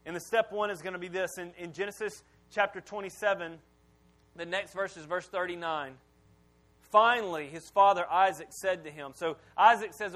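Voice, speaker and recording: A man's voice: high voice, a little fast, a bit bright. A male pastor, preaching a sermon in a folksy, storytelling way and acting out the characters' lines. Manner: folksy storytelling with acted-out dialogue.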